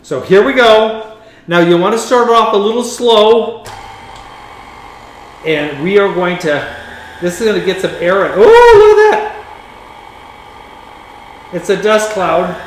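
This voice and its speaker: Man, slow unhurried talk, slightly high voice, playful cooking chat, echoey kitchen, faint hiss. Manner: playful, camp, talks to the cameraman and to the food. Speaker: home cook hosting a cooking channel. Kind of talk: chatty cooking demo.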